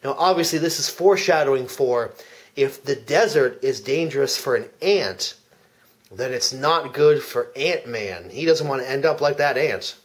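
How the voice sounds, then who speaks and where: A man giving a deadpan parody commentary track, telling an absurd plot earnestly, with frequent restarts. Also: mid-range voice, normal speed. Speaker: comedic fake commentary speaker.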